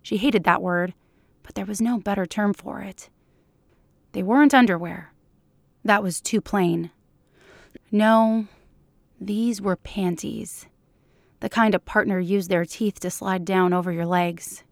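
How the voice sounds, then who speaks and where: Woman narrator with vocal fry. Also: mid-range voice, unhurried, pauses often, no echo. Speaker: podcast reader. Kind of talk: fan fiction narration.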